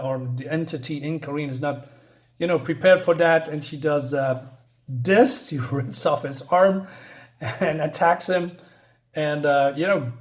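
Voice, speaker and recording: Rambling man recapping a comic. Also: fairly high pitch. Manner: rambling, many fillers and restarts. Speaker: comic reviewer. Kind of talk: casual comic book recap.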